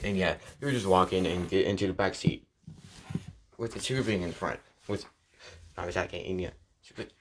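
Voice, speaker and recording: A man's voice: deep voice, expressive, fairly quick, creaky, noisy background. A man casually retelling an improvised fan story, rambling with lots of fillers.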